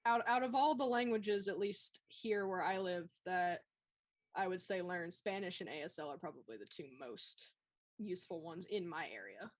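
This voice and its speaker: A woman's voice: lowish voice, normal speed. Chatty Southern American woman. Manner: chatty and animated, laughs often. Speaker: cosplay livestream co-host. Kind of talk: casual chat.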